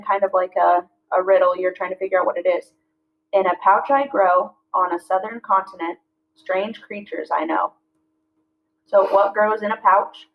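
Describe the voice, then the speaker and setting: A woman teaching a class, reading lines slowly and clearly and breaking words into syllables. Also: mid-range voice. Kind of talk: classroom lesson. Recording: slightly dull lo-fi audio.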